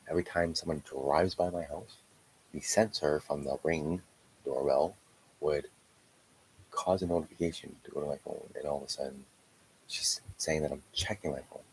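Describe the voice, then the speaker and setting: A man with an extremely deep, gravelly voice rants on a livestream. He swears freely and sounds aggrieved, and he often drops into hushed whispered asides. A faint hiss sits under the recording. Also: fairly even intonation, normal speed, low-quality recording. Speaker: streamer. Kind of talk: angry livestream rant.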